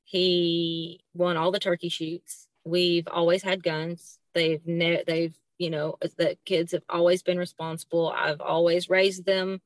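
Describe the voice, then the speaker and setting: A middle-aged woman with a Southern accent, a podcast guest telling a personal story in a halting way, with many fillers and restarts, acting out the dialogue she quotes. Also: lowish voice, flat delivery, no echo.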